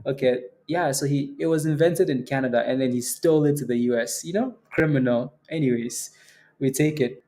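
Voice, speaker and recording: A man's voice: mid-range voice, a little fast, warm tone. A man hosting a casual stock trading livestream, joking around with his viewers and laughing often.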